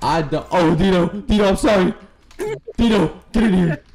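A man with a high-sitting voice speaks at a moderate pace amid crowd noise. As a gaming streamer, he offers casual, crude, jokey commentary on his online game and trash-talks his opponents.

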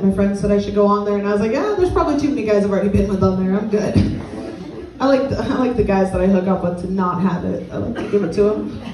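A young woman performing a stand-up comedy set with crowd work, blunt and crude in a deadpan way. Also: mid-range voice. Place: small comedy venue with a live audience. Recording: echoey room, mic at a distance, audience laughter. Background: crowd laughing.

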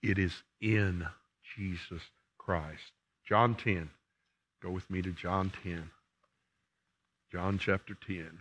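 Deep-voiced older preacher. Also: male voice, steady tone, slow, long pauses, fairly bright tone. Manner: emphatic preaching, repeats phrases for emphasis. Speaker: pastor. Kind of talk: sermon and closing prayer. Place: church sanctuary.

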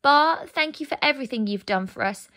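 A woman's voice: sits high, expressive, brisk, sharp tone, voice pushed up, exaggerated voice. A woman voicing a brave, loving young girl in a storybook reading, eager and heartfelt.

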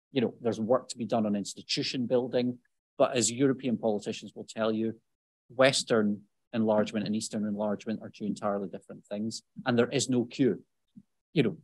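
A man answers questions on a policy panel in a slightly husky, mid-pitched voice. He talks conversationally, breaking off into asides and correcting himself as he goes. The sound is dry and close, with little room around it. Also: dry recording. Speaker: panel speaker. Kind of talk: unscripted panel discussion answer.

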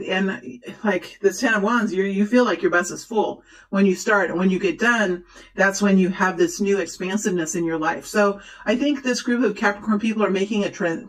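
A woman's voice: medium pitch, rough recording. A woman giving a casual tarot reading to her viewers, talking in a chatty, rambling way with many fillers and restarts, and speaking encouragingly. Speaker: tarot reader.

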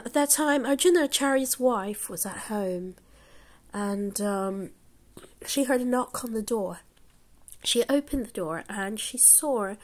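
A woman telling a devotional story in a halting way, with many pauses and restarts. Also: mid-range voice. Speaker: devotional speaker.

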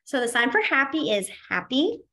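A woman's voice: sits high, very animated, moderate pace, pushed and bright. Woman, sign language teacher, casual chatty delivery, lots of fillers, library class.

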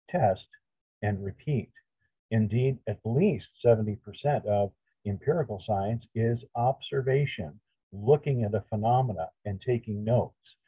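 Husky middle aged guy lecturing, quizzes the crowd then answers himself, sounds like a phone recording. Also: lowish voice, no room sound. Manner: emphatic, asks questions and answers them himself. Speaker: creation science speaker. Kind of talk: lecture to a church audience. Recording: tinny phone-like audio.

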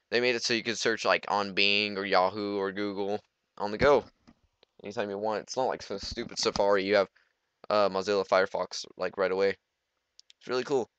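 A man's voice: lowish voice, a bit bright, clear, resonant tone, no room sound, dull audio. A teenage boy giving rambling, goofy let's play commentary, talking to himself as he plays. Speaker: gamer.

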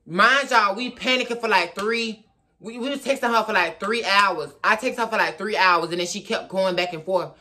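A man's voice: high voice, moderate pace. A man telling a story on his vlog in a casual, slangy way, animatedly acting out what people said. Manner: animated, acts out dialogue; slangy, repetitive phrasing. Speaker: storytime vlogger.

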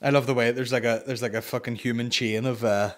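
A man's voice: mid-range voice, fairly even intonation, fast talker, background noise. A Northern Irish man hosting a comedy podcast, chatting casually, swearing a lot and slipping into mocking impressions. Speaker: podcast host.

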